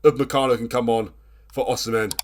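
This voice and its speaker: Excitable man commentating a football game. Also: mid-range voice, fast, slight background noise. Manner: excitable, swings from groans to shouting. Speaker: gaming channel host. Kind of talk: let's play commentary.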